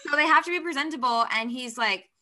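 A woman's voice: high-pitched, fast talker, bright, forceful tone. A woman co-hosting a casual book podcast, recapping the plot and quoting characters. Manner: recaps the plot, acting out lines in quotes. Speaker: podcast co-host.

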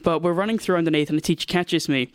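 A young man with an English accent mixed with Australian, telling anecdotes fast and eagerly, with lots of fillers. His voice sits high and bright for a man. The sound is close and dry, with no room echo. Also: clear, resonant tone. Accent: English, softened by years in Australia. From England. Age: young adult. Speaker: guest, university student. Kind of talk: casual storytelling interview.

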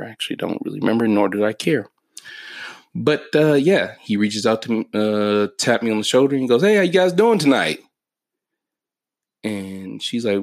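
A low-voiced man in his thirties with a gravelly, fry-heavy edge, hosting his own podcast. He tells his stories in a loose, joking, laid-back way, swearing freely. The sound is close and dry. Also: no room sound. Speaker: podcast host. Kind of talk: casual solo podcast storytelling.

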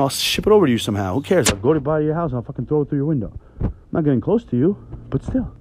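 A man hosting a podcast from home, in a rambling, heavily profane, animated rant. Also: medium pitch, slightly rough. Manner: rambling, heavy swearing, animated. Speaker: podcast host.

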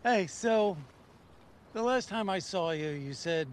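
A fussy middle-aged man pressing someone over money in a sitcom scene. His voice sits very high and swoops all over the place. He talks in an insistent, whiny, nitpicking way. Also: lively intonation, slow, slight background noise. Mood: indignant. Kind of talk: TV sitcom dialogue.

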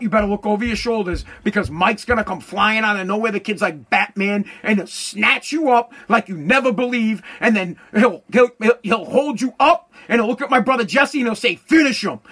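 A man delivering a profane comedic rant, loud and full of stammered repetitions. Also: high voice.

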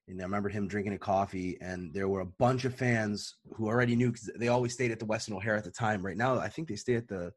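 Casual storyteller, man in his 30s, husky tone, rambling and full of fillers. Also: lowish voice, fast talker, hardly any pauses, no room sound. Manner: rambling, animated, many fillers. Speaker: podcast co-host.

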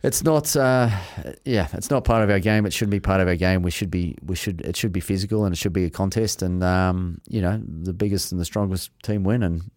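A man's voice: low-pitched, fairly quick, hardly any pauses, a little mellow, no room sound, clean studio sound. A man talking rugby in a casual chat, giving blunt, emphatic opinions. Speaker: rugby pundit.

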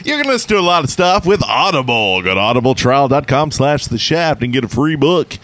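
A man's voice: medium pitch, very animated, a little fast, a bit bright. A man hosting a podcast, chatting casually and reading ads in a rambling, jokey way. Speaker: podcast host. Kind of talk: casual chat and read ads.

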